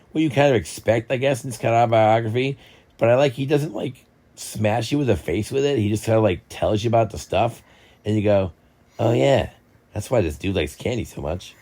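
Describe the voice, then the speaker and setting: A man's voice: fairly low pitch, fairly quick. A young man hosting a casual book chat, rambling and joking as he tells stories. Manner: rambling, jokey, lively storytelling. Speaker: book channel host.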